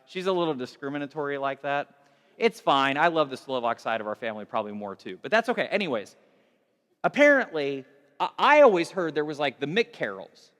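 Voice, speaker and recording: A man delivers a relaxed storytelling sermon with a fairly high voice. He talks conversationally, doubling back on words and poking fun at himself. The sound carries a long reverb from a large hall. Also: brisk. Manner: conversational, self-deprecating, repeats and restarts. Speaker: pastor.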